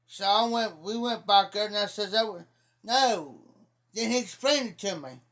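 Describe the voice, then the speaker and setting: A man from talks in a high voice. He rambles through folksy stories about local sayings. He teases his listener as he goes. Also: moderate pace, a bit bright. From Ohio. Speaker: livestreamer. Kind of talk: casual storytelling.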